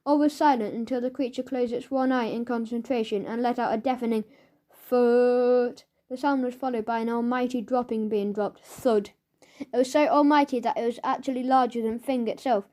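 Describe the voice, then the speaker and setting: A woman narrates a children's audiobook in a playful, lively manner. She gives the sound effects their own little voice. Her tone is mellow and sits a little high. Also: moderate pace.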